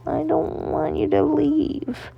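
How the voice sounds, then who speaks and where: A woman's voice: sits high, fairly even intonation, slow pace, creaky, dull audio, voice pushed up, full character voice. A woman voicing a frightened, sick little boy who pleads and whines. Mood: scared pleading.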